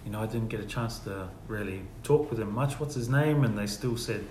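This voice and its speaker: A man shares church testimonies in a relaxed storytelling way and dips quietly into the voices of the people in his story. The room sounds echoey, with a faint hum of ambient noise behind him. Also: lowish voice, a little fast. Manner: storytelling, acts out quoted dialogue softly. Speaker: guest sharing testimonies. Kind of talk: casual church testimony chat.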